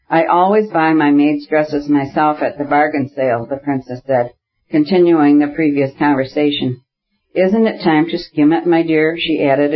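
A man narrating a novel in a steady, measured reading. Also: fairly high pitch, lo-fi sound. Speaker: audiobook narrator. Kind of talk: scripted narration.

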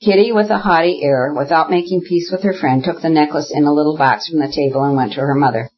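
A narrator reading a classic novel in a measured, even manner with a husky voice. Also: medium pitch, dull audio. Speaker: audiobook narrator.

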